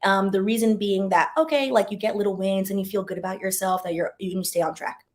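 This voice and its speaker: A woman's voice: medium pitch, steady tone, fast. A woman and former lawyer hosting a casual advice chat, candid and self-deprecating, repeating words for emphasis and making asides to her viewers. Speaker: former lawyer and channel host.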